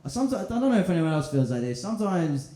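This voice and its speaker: A man's voice: sits high, sing-song, quick pace, warm tone. A man doing a stand-up set in a comedy club, rambling, crude and self-mocking as he banters with the crowd. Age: 20s. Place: comedy club in central London. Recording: roomy club with crowd laughter.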